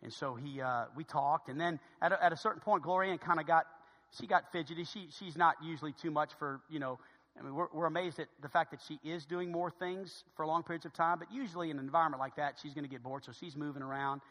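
Middle-aged guy pastor telling a story, high bright voice, repeats himself a lot, big echoey church. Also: fairly even intonation, fast talker. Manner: repeats words, conversational, grows hushed when serious. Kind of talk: storytelling sermon.

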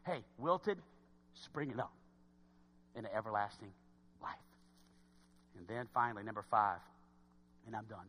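Animated high-voiced male preacher. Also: normal speed, pauses often, long reverb tail. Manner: animated, swinging from quiet asides to loud exhortation. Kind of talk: sermon. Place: church.

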